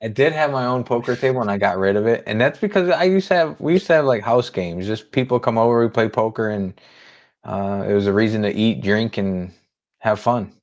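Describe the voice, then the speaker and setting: A man's voice: lowish voice, lively intonation, brisk. A man hosting a casual livestream chat, laid-back and blunt as he tells a story. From Las Vegas area. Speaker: host.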